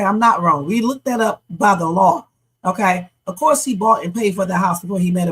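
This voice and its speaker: Blunt husky-voiced woman livestream host. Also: mid-range voice, low-quality recording. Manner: blunt, emphatic, talks straight to the chat. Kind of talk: casual livestream commentary.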